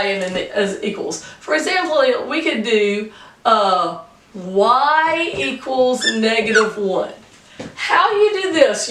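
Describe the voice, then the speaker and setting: A woman gives a homey pre-algebra lesson, counting along the number line step by step. Her voice sits a little high and carries a patient, chatty warmth. She sounds set back from the microphone in an echoey room. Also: distant mic. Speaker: math teacher.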